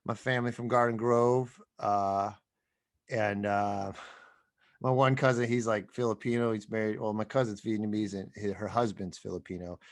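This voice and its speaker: A man's voice: fairly low pitch, steady tone, moderate pace, dry recording, studio quality. A man co-hosting a podcast in casual chat, laid-back and trailing off with fillers. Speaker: podcast co-host, comedian.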